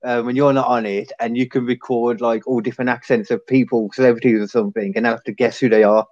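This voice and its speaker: A man's voice: medium pitch, level tone, quick pace, darkish tone, no echo. A man co-hosting a casual true-crime chat, joking and swearing. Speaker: podcast co-host. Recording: dull, dry sound.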